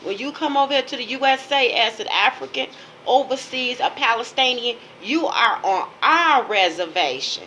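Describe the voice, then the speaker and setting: A woman from Chicago delivers an emphatic, lecturing monologue and hammers her points by repeating phrases. Her voice sits a little high and sounds bright and forceful. A faint background noise runs underneath. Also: expressive, normal speed, low-quality recording. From Chicago, USA. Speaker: page owner. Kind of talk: ranting monologue.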